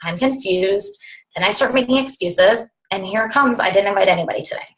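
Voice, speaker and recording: A woman's voice: mid-range voice, brisk, low-quality recording. A young woman coaching her team over a video call, talking bluntly and with lots of fillers. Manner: blunt, animated, filler-heavy.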